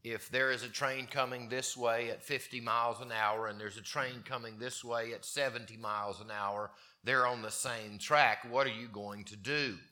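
A man's voice: mid-range voice, fairly even intonation, moderate pace, few pauses, pushed and bright, voice pushed down. A man voicing a courteous railway engineer conducting a job interview, speaking formally. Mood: puzzled.

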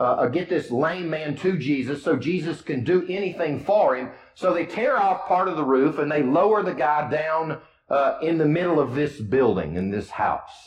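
A man's voice: a little high, reverberant, poor audio. A man preaching a sermon with a Midwestern American accent, retelling scripture in casual, storytelling words. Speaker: pastor.

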